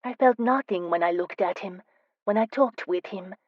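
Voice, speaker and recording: A woman narrator voicing a spirited, teasing young woman in an audiobook, speaking with lively, emphatic delivery. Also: mid-range voice, normal speed, dry recording, dull audio, natural voice. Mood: earnest. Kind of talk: audiobook character voice.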